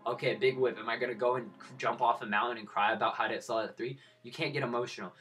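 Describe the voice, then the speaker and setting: Blunt, bright-voiced young man. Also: medium pitch, fairly even intonation, quick pace, soft background music. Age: 20s. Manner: blunt, profane, lecturing the viewers. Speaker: crypto trading streamer. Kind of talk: live-stream trading commentary.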